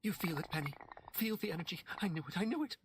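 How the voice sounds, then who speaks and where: A man voicing a frantic, fervent middle-aged mother in a storybook reading, pushy and shrill. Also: expressive, fast talker, a little hiss or hum. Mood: ecstatic.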